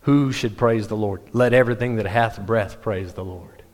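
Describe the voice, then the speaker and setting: A man preaching a sermon, telling stories animatedly with quick restarts. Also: fairly low pitch. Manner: animated storytelling, self-interrupting restarts. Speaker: pastor. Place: church sanctuary. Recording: long hall reverb.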